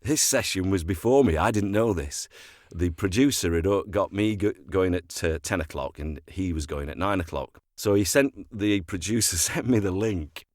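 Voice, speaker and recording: Older voiceover guy, really low voice, chatty storyteller, trips over his words a lot, dry close sound. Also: moderate pace, few pauses, darkish tone, no echo. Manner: anecdotal, self-deprecating storyteller with frequent restarts. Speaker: voiceover artist and actor. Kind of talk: relaxed interview chat.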